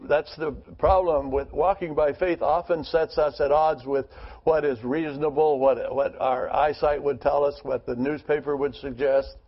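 A man's voice: a little high, fairly even intonation, normal speed, hardly any pauses, highs cut off. A man leading a Bible study group, reading scripture aloud and then talking it over earnestly with rhetorical questions.

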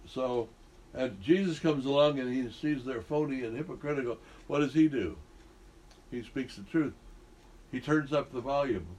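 A man's voice: medium pitch, moderate pace, a little mellow. A man leading a group Bible study, talking conversationally and quizzing the group with questions.

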